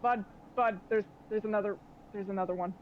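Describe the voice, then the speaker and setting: A woman's voice: mid-range voice, steady tone, a little fast, slight background noise, close to an everyday voice. A woman voicing a huge unseen taloned being who talks in an offhand, bossy way, guiding a helper step by step. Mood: urgent. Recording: dull lo-fi audio.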